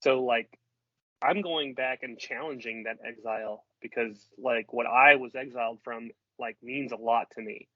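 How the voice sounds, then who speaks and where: A man's voice: mid-range voice, fairly even intonation, moderate pace, no room sound. A man playing a tabletop game, chatting casually, swearing and laughing often. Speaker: player. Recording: dry, slightly dull podcast audio.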